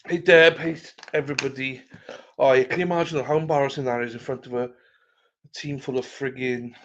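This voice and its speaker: A man's voice: medium pitch, fairly even intonation, fairly quick, a bit bright. Chatty man on a muffled livestream. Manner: chatty, greets viewers by name, swears freely. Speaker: livestream host. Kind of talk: casual livestream chat. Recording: slightly muffled lo-fi audio.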